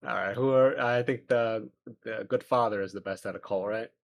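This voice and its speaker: A man with a low voice plays a genteel professor at a tabletop game, with courtly, old-fashioned phrasing. The recording is dry and close, with no room sound. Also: moderate pace, vocal fry, no echo. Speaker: player voicing a professor. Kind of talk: in-character tabletop role-play.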